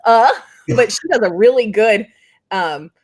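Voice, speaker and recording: A woman's voice: fairly high pitch, expressive, unhurried, darkish tone, a little hiss or hum. A woman from central Indiana hosting a casual chat, rambling and giggly, with plenty of filler words. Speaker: host.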